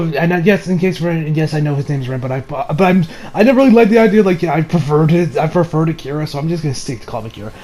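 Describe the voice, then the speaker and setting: A man's voice: fairly high pitch, a little mellow. A young man reviewing an anime episode in a casual, rambling way, with many fillers and frequent laughter.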